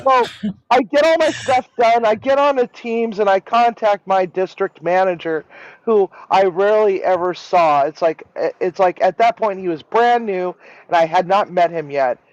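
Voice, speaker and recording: High voiced guy rambling thru a story, swears a lot, dry muffled sound. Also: moderate pace, no echo. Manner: rambling, animated, swears freely. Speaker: live-stream regular. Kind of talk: casual storytelling. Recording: dull lo-fi sound.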